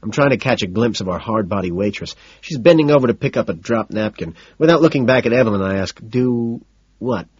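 A man reads a first-person novel in a cool, detached, deadpan manner. His voice is low and a little husky. The recording is dry, dull and lo-fi. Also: fast talker, hardly any pauses, dry recording. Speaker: audiobook narrator.

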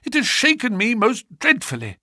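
Panicky shaken doctor guy, man putting it on, high voice, dry sound. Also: huge pitch swings, normal speed, bright, forceful tone, no echo, exaggerated voice. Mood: distraught. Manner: agitated, breathless exclamations. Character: distraught middle-aged male doctor, panicky.

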